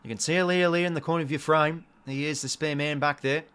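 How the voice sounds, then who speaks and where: This young Aussie man calls a match live for a watch-along, easygoing but prone to excited bursts and a few mild curses. His voice is fairly high, fast, and clean in tone.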